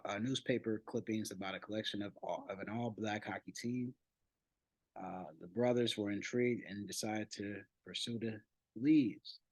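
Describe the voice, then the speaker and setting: A man hosting a channel, reading an online article aloud and adding his own comments, unhurried, with frequent restarts and fillers. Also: lowish voice, dry recording, rough recording. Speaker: channel host.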